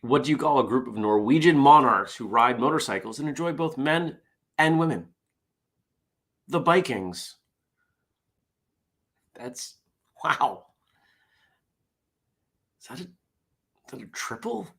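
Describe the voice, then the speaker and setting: A man's voice: mid-range voice, lively intonation, a little slow, long pauses, a bit bright. A tired man hosting a casual morning show, reading jokes aloud in a wry, self-deprecating way. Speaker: host.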